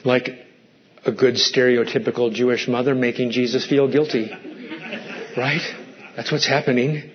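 A man's voice: mid-range voice, normal speed, lo-fi sound. A male pastor preaching a sermon, asking the congregation pointed rhetorical questions and acting out quoted lines in a raised voice.

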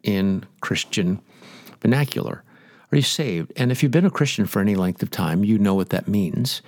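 A man's voice: on the low side, moderate pace, darkish tone, no echo, studio quality. A man preaching a sermon, stressing his points and asking the listeners direct questions. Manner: emphatic, rhetorical questions to listeners.

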